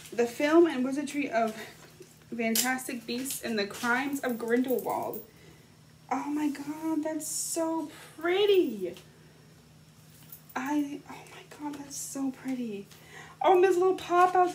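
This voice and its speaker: A young woman with a somewhat high voice gushes excitedly as she unboxes presents. She sits on the floor at home and chats casually. Steady noise runs under the recording. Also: rough recording. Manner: gushing, excitable, chatty. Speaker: vlogger. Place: indoors at home, sitting on the floor.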